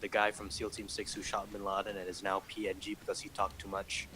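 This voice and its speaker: A young man from Malaysia, speaking with an American accent, rambles through anecdotes in a dry, sardonic way. His voice sits a little low. A steady hiss runs under the stream recording. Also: a little fast. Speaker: streamer and host. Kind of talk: casual chat while gaming.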